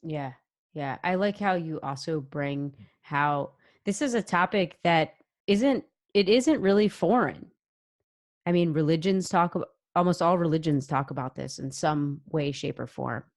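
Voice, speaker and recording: Low-voiced woman hosting an interview. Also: measured pace. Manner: affirming, reflective questioner. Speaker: podcast host. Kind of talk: conversational interview.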